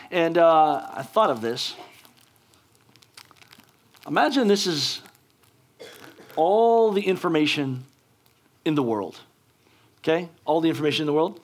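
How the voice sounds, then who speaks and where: A male pastor preaching a sermon in a casual, chatty way with many fillers. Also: a little high.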